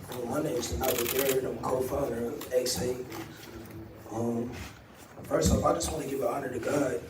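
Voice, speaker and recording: Halting, soft-spoken man testifying. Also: mid-range voice. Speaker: activist and co-founder of a group. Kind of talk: emotional public testimony. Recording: distant, roomy livestream audio with faint noise.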